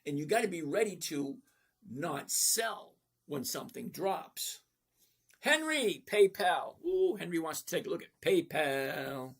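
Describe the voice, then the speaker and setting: A man's voice: fairly high pitch, very animated, unhurried, creaky, a bit bright, breathy edge. A middle-aged man hosting a live stream, answering viewer chat in a blunt, folksy, casual way. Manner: blunt, folksy, often asks okay?. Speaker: livestream host answering viewer chat about trading.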